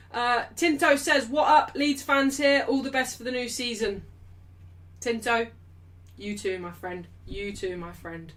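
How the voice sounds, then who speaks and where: A woman's voice: fairly high pitch, normal speed, recorded from a distance. A young English woman hosting a live football watchalong, reading out super chats in blunt, sweary casual chat. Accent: English, not Mancunian. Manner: blunt, swears freely, loud and defensive, then apologetic. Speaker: livestream host of a football watchalong.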